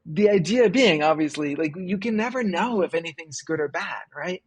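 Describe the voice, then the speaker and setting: Husky man coaching live callers. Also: high-pitched, moderate pace, dry recording. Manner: animated storyteller, acts out quoted voices. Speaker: host and business coach. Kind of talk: casual live-call coaching chat.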